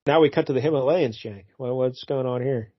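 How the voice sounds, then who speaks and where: A man's voice: medium pitch, brisk, dry recording, highs cut off. A man co-hosting a casual podcast, joking and retelling scenes. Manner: relaxed, joking, retells scenes with quoted lines. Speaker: podcast co-host. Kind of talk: casual comic book chat.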